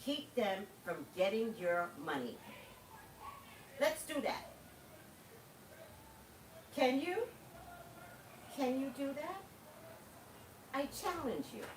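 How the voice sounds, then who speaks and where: A woman's voice: high-pitched, sing-song, takes it slowly, long pauses, reverberant, far from the mic, slight background noise, rough recording. A woman hosting a livestream, talking casually and passionately to her viewers, laughing often. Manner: impassioned, preachy, laughs often. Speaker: livestream host.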